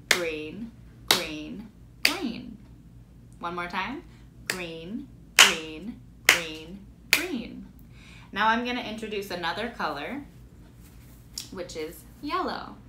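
A woman music teacher leading a children's rhythm lesson, explaining slowly and chanting words for clapping. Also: medium pitch, echoey room, noisy background. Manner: slow, clear instruction with chanted, clapped words.

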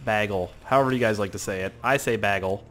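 A young man giving let's play commentary, excitable and profane, yelling at the game. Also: lowish voice, quick pace, a little hiss or hum. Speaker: gaming youtuber.

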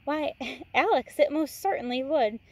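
A woman's voice: high voice, measured pace, a little mellow, dry recording. A woman reading aloud as a polite, gracious older grandmother who runs a game reserve.

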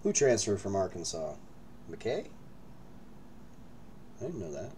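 Lively, hyped man hosting card breaks. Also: lowish voice, slow pace, slight background noise. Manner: hyped, joking banter with viewers. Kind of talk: live card-break streaming chat. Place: break room indoors.

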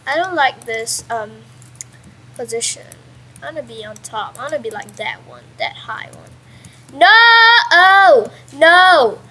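A young woman casually commentating her own game at home, chatty and excitable, with sudden yelps and mild swearing. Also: fairly high pitch, normal speed, husky, rough recording. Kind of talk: casual let's-play commentary. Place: at home with a pet dog nearby.

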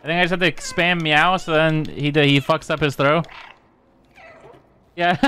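A man's voice: fairly high pitch, steady tone, normal speed, sharp tone, a little hiss or hum. A young man giving casual, joking and profane commentary while playing a video game, sometimes reading its dialogue aloud.

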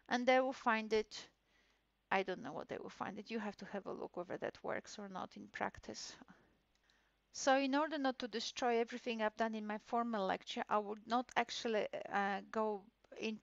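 Female lecturer, higher gravelly voice, chatty podcast lecture, dry and muffled sound. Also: no echo. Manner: chatty, acts out classroom exchanges with children. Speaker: university lecturer. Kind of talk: recorded course podcast lecture.

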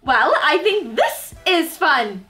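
A woman's voice: high voice, big pitch swings, slow pace, music in the background, exaggerated voice. A woman playing a scheming evil fairy disguised as a young queen, bossy and snide. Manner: snide, bossy, sugary when covering up. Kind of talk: comedy sketch acting.

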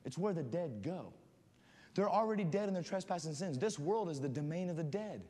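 A man preaching a sermon as a guest speaker, building up to loud fervent shouting. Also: on the high side, expressive, brisk. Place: church sanctuary. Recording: church hall reverb.

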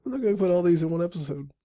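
Lively, chatty game tutorial player. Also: mid-range voice, fast. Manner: chatty asides while reading on-screen text. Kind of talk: let's-play narration, reading game text aloud.

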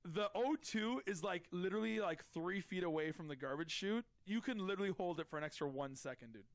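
A man streaming a social deduction game, talking excitedly, often shouting and repeating himself. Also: high voice, brisk, no echo. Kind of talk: excited gaming commentary.

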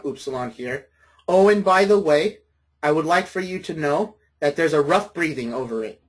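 A man's voice: a little high, fairly bright tone, breathy edge. A man lecturing a college class, patient and friendly, often checking in with his students.

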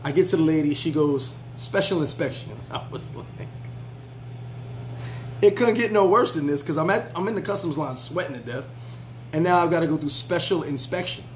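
Male travel vlogger, casual storyteller, slightly high voice, faint hum behind. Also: moderate pace, rough recording. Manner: laid-back, chatty, frequent fillers and restarts.

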